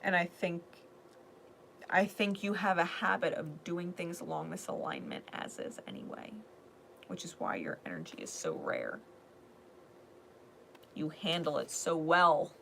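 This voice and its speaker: A woman giving a spiritual card reading in a blunt, profane manner, swinging between loud emphasis and hushed asides. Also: fairly low pitch, expressive, measured pace, vocal fry, pauses often, slight background noise. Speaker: tarot reader.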